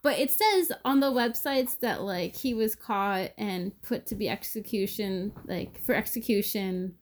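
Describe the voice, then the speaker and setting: A woman co-hosting a casual history podcast, relaxed and filler-heavy as she recounts research. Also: medium pitch, a little slow. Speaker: podcast co-host.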